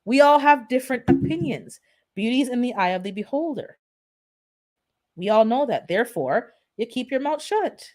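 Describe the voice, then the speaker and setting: A woman's voice: on the high side, animated, normal speed, darkish tone. Blunt, sarcastic woman rambling on a stream. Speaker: gardening channel host. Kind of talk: casual live-stream chat.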